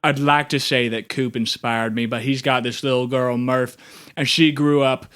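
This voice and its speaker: Man as small goofy alien co-host, smooth voice, rambles eagerly. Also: mid-range voice, level tone, moderate pace, a bit bright, natural voice. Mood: enthusiastic. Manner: rambling, dim, enthusiastic. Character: small earnest goofy male alien radio co-anchor. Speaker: radio co-anchor. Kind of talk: comedy audio drama.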